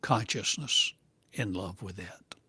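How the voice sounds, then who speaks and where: Slow, low-voiced man giving a channeled sermon. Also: a bit bright, no room sound. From United States. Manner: slow, halting, cryptic phrasing. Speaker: spiritual teacher. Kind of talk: channeled spiritual monologue.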